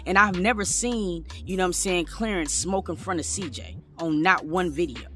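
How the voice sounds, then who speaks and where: A man's voice: high-pitched, normal speed, fairly bright tone. A man doing casual reaction commentary, chatty and emphatic, talking straight to his viewers. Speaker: commentary vlogger.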